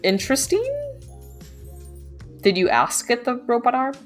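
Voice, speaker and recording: A woman's voice: on the high side, expressive, measured pace, soft background music. Giggly woman streamer reacting. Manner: playful, giggly, reacting aloud. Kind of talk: let's play commentary.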